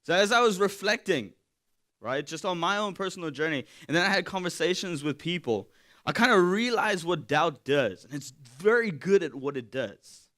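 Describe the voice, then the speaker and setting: A man giving a sermon in a candid, conversational way, swinging from loud to hushed. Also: sits high, animated, moderate pace. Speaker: pastor.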